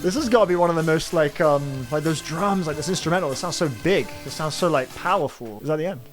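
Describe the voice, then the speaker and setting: A young man reacting to an album in casual, excitable talk, full of slang, "like" and "man". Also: fairly high pitch, quick pace, music in the background. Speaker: music reviewer. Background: album playing faintly.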